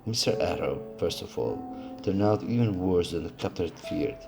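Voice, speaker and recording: Deep-voiced man reading a novel aloud. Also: moderate pace, gravelly, over music. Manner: steady reading with occasional slips and restarts. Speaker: audiobook reader.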